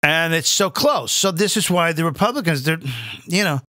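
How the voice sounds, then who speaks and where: Comedian guy ranting, high voice jumping all over, bright and dry, swears a lot. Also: animated, normal speed, dry recording. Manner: crude, exasperated, sarcastic. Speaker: comedian host. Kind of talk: live comedic rant.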